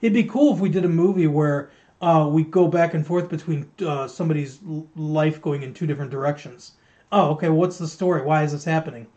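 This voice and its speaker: A man's voice: on the high side, a little fast, darkish tone. Rambling man on a lo-fi podcast. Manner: rambling, joking, teasing. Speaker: podcast co-host. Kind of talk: casual movie review chat. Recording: muffled lo-fi stream audio.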